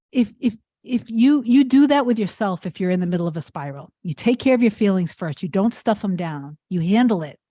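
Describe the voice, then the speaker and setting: A woman coach speaks straight to her viewers in an earnest, encouraging way. She rambles through fillers and restarts as she goes. Her voice sits at an ordinary middle pitch in a dry, close recording with no room sound. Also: darkish tone, dry recording. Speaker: manifestation coach. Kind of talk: casual advice talk to viewers.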